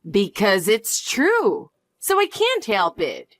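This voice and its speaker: A woman voicing a harsh, scornful mother-in-law who talks in a slow, cold, cutting way. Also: medium pitch, huge pitch swings, no echo, studio quality. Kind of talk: dramatized story dialogue.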